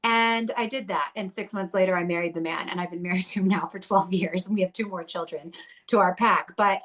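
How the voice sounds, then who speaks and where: A woman's voice: lowish voice, fairly even intonation, a little fast, a bit bright. A woman guest in her thirties or forties telling her own story in a blunt, heated way, swearing often. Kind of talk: candid conversational storytelling.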